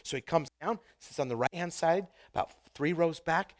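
A middle-aged man from Idaho preaching a sermon, telling personal stories and building to loud, emphatic bursts. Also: on the high side, normal speed, few pauses. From Idaho, USA. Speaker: pastor.

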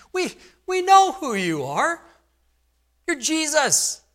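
A man's voice: very high voice, wildly swooping pitch, slow, a bit bright, a little hiss or hum, pitched above the performer's own voice, full character voice. A man voicing a scoffing crowd of townspeople, sneering and dismissive, in a mocking tone.

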